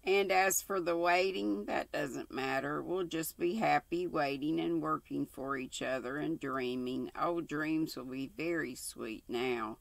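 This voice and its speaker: A woman's voice: sits low, a little slow, creaky, hardly any pauses, dry recording. A woman reading as a dreamy young woman in love.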